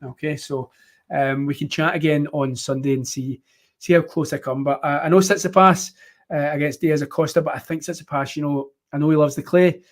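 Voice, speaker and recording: A man's voice: a little high, fairly even intonation, fairly quick. A man hosting a casual live-stream chat, rambling with many ums and fillers. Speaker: host.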